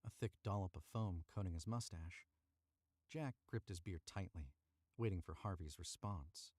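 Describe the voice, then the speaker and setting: This voice actor has a low, slightly mellow voice and a moderate pace, recorded clean with no room sound. He narrates a story live from a small booth, talking with his audience and correcting himself by retaking fumbled lines.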